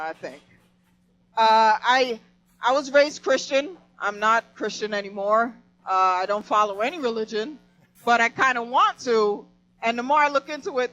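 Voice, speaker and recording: A woman's voice: on the high side, fairly bright tone, poor audio. A young woman performing a profane stand-up comedy set at a live venue, laughing at her own jokes.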